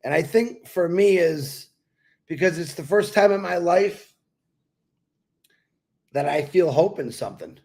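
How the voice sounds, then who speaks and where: A man's voice: on the high side, lively intonation, a little slow, creaky, pauses often, darkish tone. An older retired man with a congested voice, talking in an easygoing, reflective way on a pre-recorded show and laughing now and then. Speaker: co-host. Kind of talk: pre-recorded casual talk.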